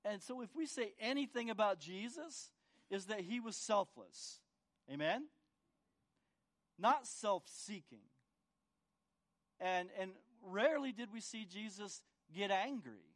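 A man's voice: sits high, lively intonation, normal speed. A man preaching a sermon as pastor, often asking the congregation for agreement and repeating words as he restarts. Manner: asks the congregation for agreement with tag questions.

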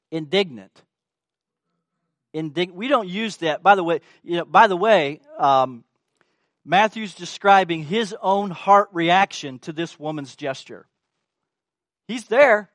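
A male preacher delivers a sermon in a high voice, taking his time over each phrase. He leans on emphasis and tosses rhetorical questions out to his listeners. The sound is dry and close. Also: a bit bright, dry recording.

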